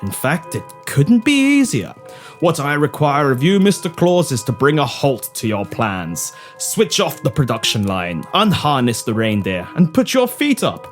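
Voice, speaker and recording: A man playing an elderly Santa, reading with grand, theatrical swings of pitch in a comedy audio drama. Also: lightly acted. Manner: grandly dramatic, with sweeping rises and drops.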